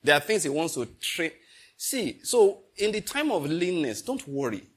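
A middle-aged Nigerian man preaching a sermon, telling stories and slipping into pidgin, moving between loud and hushed delivery. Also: fairly high pitch, big pitch swings, normal speed, breathy edge. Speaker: pastor. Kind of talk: sermon with storytelling.

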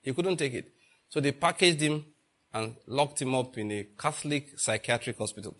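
A man's voice: mid-range voice, expressive, moderate pace, a bit bright. A man preaching a sermon, asking the congregation rhetorical questions and repeating phrases for emphasis.

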